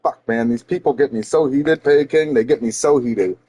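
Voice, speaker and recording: A man's voice: medium pitch, moderate pace, warm tone, slightly rough. A man livestreaming, telling a story to his chat in a heated, profane ranting way. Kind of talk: casual storytelling to a stream chat. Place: home streaming setup.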